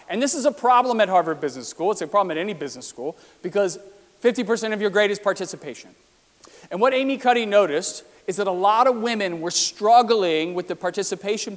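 A man with a high voice gives an explanatory talk with slides, again and again putting rhetorical questions to his listeners. His voice rings out with a long reverb, as if he were recorded in a large hall. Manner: asks the audience many rhetorical questions. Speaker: presenter.

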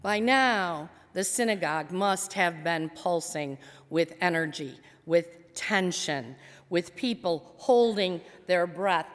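A woman pastor preaching a sermon, retelling a story with dramatic pauses in a church sanctuary. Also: medium pitch. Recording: long church reverb.

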